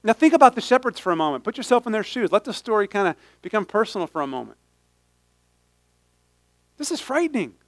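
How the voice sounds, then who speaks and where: A man preaching a sermon in an animated, humorous way, often stopping and restarting his sentences. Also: sits high, fast, pauses often, no room sound. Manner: animated, humorous, self-interrupting. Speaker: pastor.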